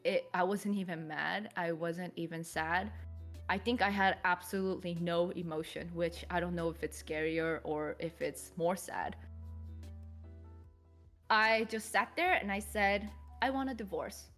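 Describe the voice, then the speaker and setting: Calm low-voiced woman telling her story. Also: soft background music. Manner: calm, measured, reflective retelling. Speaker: podcast guest. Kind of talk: personal storytelling in a podcast interview.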